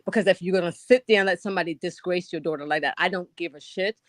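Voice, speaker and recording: A woman ranting on a live stream, loud, blunt and profane, swinging from a low grumble to shrieks. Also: quick pace, no room sound. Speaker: guest caller on a live stream. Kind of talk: heated live-stream rant.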